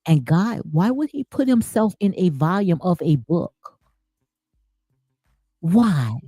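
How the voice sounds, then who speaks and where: A woman's voice: lowish voice, lively intonation, slow, mellow, slightly rough, dry recording. A woman giving impassioned spiritual commentary, preachy and emphatic, repeating phrases for emphasis. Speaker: commentary host.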